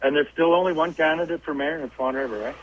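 A man's voice: a little high, fast talker, slight background noise. A man hosting a casual radio interview, agreeable and prompting with questions. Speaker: radio host. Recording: tinny phone-like line.

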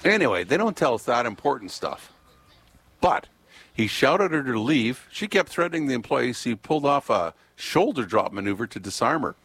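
A man's voice: mid-range voice, sing-song, normal speed, fairly bright tone, husky. A man co-hosting a talk show, reading out news items and joking around in casual chat. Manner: rambling, joking, reading news stories aloud. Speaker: radio co-host.

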